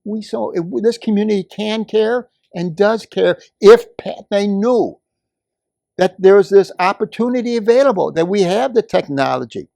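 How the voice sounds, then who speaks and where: An older man speaking at a community meeting, telling a story and building to forceful, emphatic outbursts. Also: sits high, moderate pace, vocal fry, no echo, studio quality. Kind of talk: impassioned public comment.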